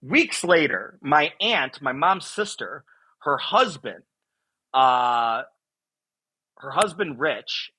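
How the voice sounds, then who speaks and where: A middle-aged man from Buffalo, New York, telling a personal story as an interview guest, animated and rambling, often acting out quotes. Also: fairly high pitch, takes it slowly, pauses often, husky, poor audio.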